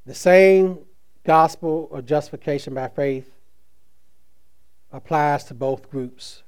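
A man preaching a sermon, speaking with slow emphatic stresses that trail off softly at phrase ends, with casual asides between. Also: medium pitch, steady tone. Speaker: pastor.

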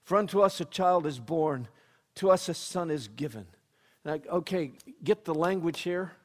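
A man preaching a sermon, dropping to a hushed storytelling voice and then rising to loud, emphatic proclamation, with slow, deliberate scripture reading. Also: fairly high pitch, expressive. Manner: reads scripture slowly and deliberately.

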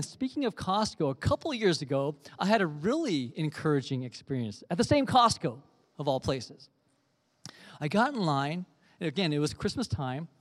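A pastor giving an earnest sermon, telling a gentle story before turning to scripture. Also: male voice, sits high, in a large hall.

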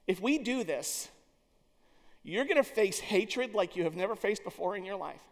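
A man voicing a blunt older male baseball executive who delivers forceful, urgent warnings. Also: high-pitched, animated, normal speed. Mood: stern warning. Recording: long hall reverb.

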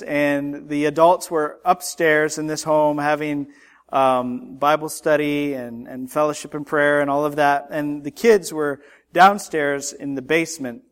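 A man preaching a sermon, telling a personal story with frequent fillers and restarts before rising into scripture reading. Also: a little high. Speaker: pastor.

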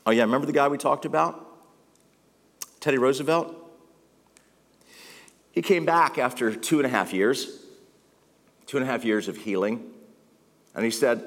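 A man's voice: medium pitch, moderate pace, pauses often. A middle-aged man preaching a sermon as pastor, conversational, emphatic and self-deprecating. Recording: long reverb of a large hall.

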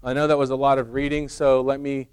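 A man's voice: medium pitch, little pitch movement, quick pace, clear, resonant tone. Conversational male pastor preaching. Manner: conversational, humorous storytelling. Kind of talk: sermon.

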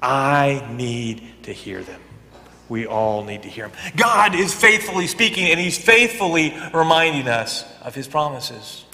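A man preaching a sermon as a pastor, talking conversationally and swinging between loud emphatic bursts and quiet, almost whispered lines. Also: mid-range voice, very animated, measured pace. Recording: long hall reverb.

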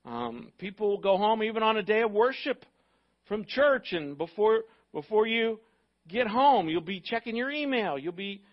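Animated joking pastor preaching, high-voiced man. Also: moderate pace, lo-fi sound. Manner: animated, joking, acts out quoted excuses. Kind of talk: sermon.

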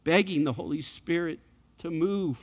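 A man preaching a sermon and telling a story, swinging between loud passages and hushed ones. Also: fairly high pitch, normal speed. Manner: dramatic shifts between loud and hushed delivery. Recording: echoey hall, dull lo-fi sound.

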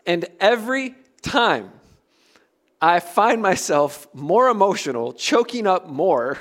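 A middle-aged man from the United States preaching a sermon, earnest and emphatic, with soft dropped asides. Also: high voice, lively intonation, measured pace. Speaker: pastor.

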